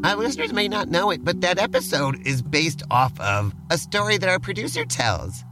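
A man's voice: high-pitched, sing-song, moderate pace. A man co-hosting a comedic role-play podcast as game master, eager and teasing in his banter, over background music. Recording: music playing behind.

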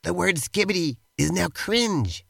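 A man's voice: high voice, animated, measured pace, gravelly, fairly bright tone, breathy edge, dry recording. A man co-hosting a comedy show, teasing his partner in playful, improvised role-play banter. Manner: upbeat, teasing, playfully pushy. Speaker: co-host.

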